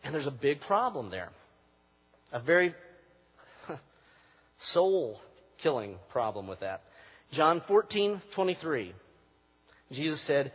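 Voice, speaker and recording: Pastor, male, husky and fairly high, preaching; muffled recording with long hall echo. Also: big pitch swings, slow, pauses often. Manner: preaching, rising to forceful emphasis. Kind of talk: sermon.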